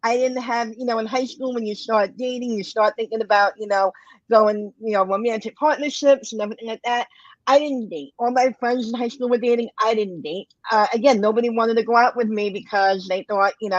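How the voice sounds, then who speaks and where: A woman recounting her experiences in a candid, reflective way, at a middle pitch. The sound is dry and a little dull, with no room echo. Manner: candid, reflective, with occasional soft laughs. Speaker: guest. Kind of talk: personal testimony in conversation.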